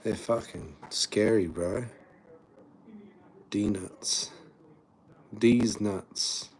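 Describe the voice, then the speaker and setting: Male streamer, low voice, relaxed laughing banter, light background hiss. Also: very slow. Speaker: live streamer. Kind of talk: casual live-stream chat.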